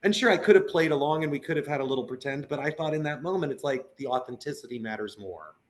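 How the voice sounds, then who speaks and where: A man's voice: mid-range voice, quick pace. A man who works as a puppeteer and teaching artist, talking earnestly in a casual video-call conversation and acting out voices as he tells stories. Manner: earnest and animated, acts out quoted voices.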